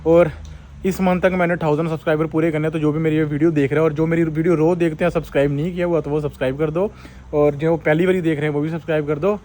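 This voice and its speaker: Fast-talking Indian man vlogging. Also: fairly high pitch, little pitch movement, dark tone, a little hiss or hum. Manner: rapid, playful, teasing, says bro a lot. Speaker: fitness vlogger. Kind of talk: joking bilingual vlog chat. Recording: roomy sound from far off.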